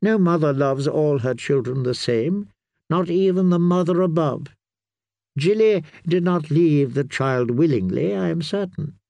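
A man voicing a very old, wise healer who speaks softly and gently. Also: a little high, gravelly, dry recording, voice pushed up. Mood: sorrowful. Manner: soft, measured, gentle.

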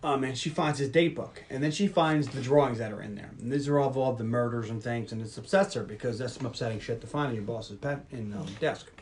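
A man hosting a podcast, casually retelling a film's plot in a brisk storytelling manner. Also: mid-range voice, far from the mic, slight background noise. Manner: brisk storytelling, mimics characters. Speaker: podcast host. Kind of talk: casual film recap.

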